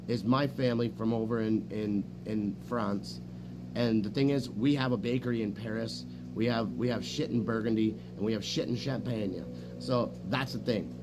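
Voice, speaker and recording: A man streaming a casual, rambling chat, swearing often and bragging as he jumps from story to story. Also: mid-range voice. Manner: profane, boastful, jumps between stories. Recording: noisy room with hum.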